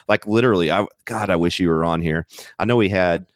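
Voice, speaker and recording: A man's voice: deep voice, fairly quick, no echo. A young American man co-hosting a podcast, chatting casually and animatedly, swearing and laughing often. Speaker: podcast co-host.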